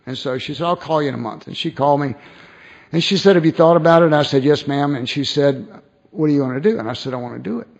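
A man tells a personal story in a lively way, stopping and restarting and putting on voices for the people he quotes. His voice sits a bit high for a man. The recording is dull and lo-fi. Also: fast talker, gravelly. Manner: animated, acts out quoted voices, frequent restarts. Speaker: speaker sharing his recovery story.

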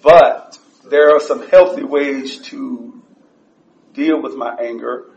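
A man giving a blunt, profane personal share at a support meeting, his voice rising whenever he gets excited. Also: medium pitch, slow pace, vocal fry. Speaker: recovery group member sharing. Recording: echoey room, distant dull mic.

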